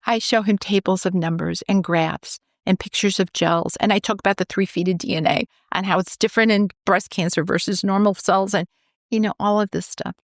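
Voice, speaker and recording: Recorded cleanly in a studio without echo, a New York woman with a mid-range voice talks a little fast. A cancer researcher being interviewed on a podcast, she tells a story with animation, acting out the quoted dialogue of the characters.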